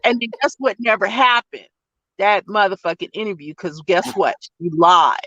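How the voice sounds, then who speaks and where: A woman gossiping in a casual chat, telling an animated story, swearing and laughing often. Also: mid-range voice, moderate pace, dry recording, lo-fi sound.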